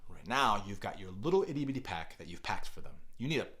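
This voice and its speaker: This middle-aged kids pastor talks parenting on a podcast in a fairly low voice, with an energetic delivery that's exaggerated on purpose.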